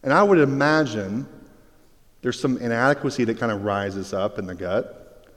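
A man's voice: medium pitch, moderate pace. Man preaching in an echoing hall. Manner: animated storyteller, swings between hushed and excited. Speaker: pastor. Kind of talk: sermon with personal story. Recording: long reverb of a large hall.

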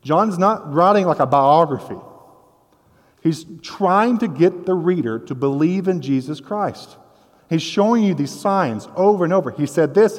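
A man's voice: a little high, a little mellow. A man preaching a conversational sermon as a pastor, with casual joking asides. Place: church sanctuary. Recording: long hall reverb.

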